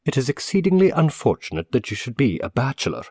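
A man's voice: mid-range voice, sing-song, fast talker, darkish tone, husky, no room sound, clean studio sound, pitched above the performer's own voice. A man voicing a fussy, eager middle-aged male manager who speaks earnestly and formally.

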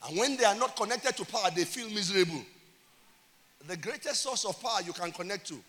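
High, bright-voiced pastor preaching. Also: male voice, animated, fairly quick. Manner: emphatic preaching with call-and-response. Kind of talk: sermon. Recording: reverberant church hall.

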